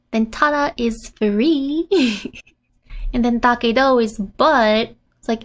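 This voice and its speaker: A woman's voice: sits high, fairly bright tone. A woman teaching Japanese from a manga scene, breaking down each line in a playful way, often laughing and acting out the characters. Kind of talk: manga-based language lesson.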